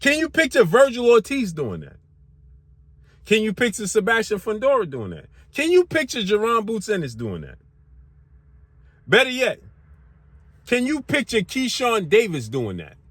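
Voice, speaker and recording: Guy hosting a boxing channel, ranting hard, high voice that jumps all over, slangy, keeps asking can you picture that. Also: huge pitch swings, normal speed, pauses often, fairly bright tone, husky, dry recording. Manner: rhetorical questions, heated and repetitive; slangy casual speech. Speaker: sports commentary host. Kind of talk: opinionated boxing commentary rant.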